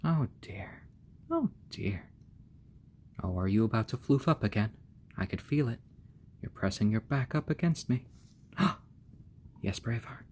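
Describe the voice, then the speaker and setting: A man hosting a casual live stream, talking gently and fondly to his baby chicks and thanking viewers. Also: medium pitch, lively intonation, normal speed, pauses often, slight background noise. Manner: gentle, doting, talks softly to the chicks.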